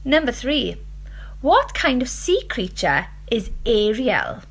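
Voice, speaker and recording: Woman teacher, lively rising and falling voice, unhurried clear reading. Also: fairly high pitch. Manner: slow, clear and expressive. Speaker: primary school teacher reading a quiz. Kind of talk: reading quiz questions and answers to children.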